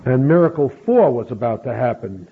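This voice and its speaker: A middle-aged man slowly telling a personal story, acting out bits of dialogue. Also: mid-range voice, expressive. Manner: slow, measured storytelling with acted quotes. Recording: phone-like narrow sound with faint hiss.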